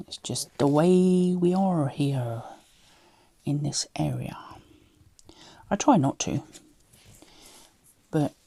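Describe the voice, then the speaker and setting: Low, creaky and mellow with a breathy edge, this woman's voice comes with no echo. She's a craft vlogger with a light Cockney-tinged London accent, chatting and muttering to herself as she works and frequently slipping into a whisper.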